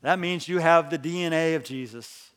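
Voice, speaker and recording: A pastor telling a story in his sermon. He swings between hushed lines and loud, emphatic ones and leads the congregation in call and response. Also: on the high side, normal speed, long reverb tail.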